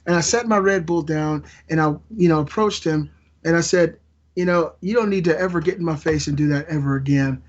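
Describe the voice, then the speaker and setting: High-voiced rambling male storyteller. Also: fairly quick. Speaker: co-host telling a work story. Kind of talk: casual live-stream chat. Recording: dull lo-fi mic.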